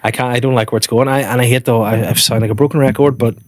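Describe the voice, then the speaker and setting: Wry comedian. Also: male voice, mid-range voice, fairly even intonation, racing, no room sound. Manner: wry, joking asides. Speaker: comedian guest. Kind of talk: casual podcast chat.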